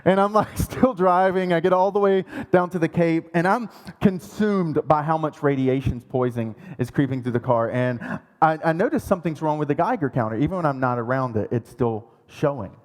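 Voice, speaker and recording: A high-pitched man preaching in a church. He is animated and self-mocking, acting out sounds and panic as he tells a story. His voice rings out with a long echo through a large hall. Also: fairly quick. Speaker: pastor. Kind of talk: sermon storytelling.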